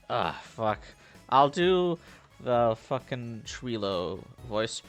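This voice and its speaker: A man's voice: medium pitch, very animated, drawn-out words, faint music behind. A man playing a story game, commenting casually with profane, joking asides. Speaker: let's play streamer.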